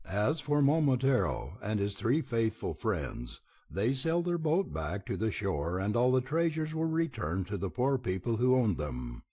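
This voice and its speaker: Male audiobook reader, storybook narration, low husky voice, lively delivery. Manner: expressive, animated reading.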